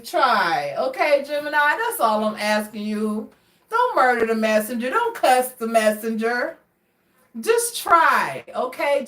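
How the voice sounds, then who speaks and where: A woman giving a casual tarot reading, chatty and expressive as she talks straight to her viewers. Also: fairly high pitch, slow pace, recorded from a distance. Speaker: tarot card reader. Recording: roomy sound from away from the mic.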